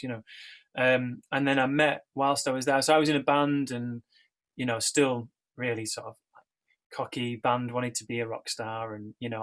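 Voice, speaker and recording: Middle-aged guy rambling through his story, lots of ums and restarts, ordinary pitch. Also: a bit bright. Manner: chatty, rambling, with many fillers and restarts. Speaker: church member sharing his story. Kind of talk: casual personal testimony.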